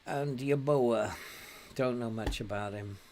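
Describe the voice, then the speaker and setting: An older man from England talks through a football management game at an unhurried, easygoing pace. He chats casually, laughs often, and gets loud cheering his players on. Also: medium pitch, slight background noise. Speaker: game streamer. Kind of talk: casual gameplay commentary.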